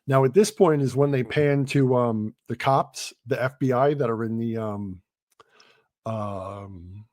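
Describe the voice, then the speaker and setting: A man's voice: mid-range voice, slow, darkish tone. A man chats casually on a movie podcast, retelling scenes and acting out quoted lines. He talks loosely with many ums and restarts. The sound is close and dry, with no room echo. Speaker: podcast host.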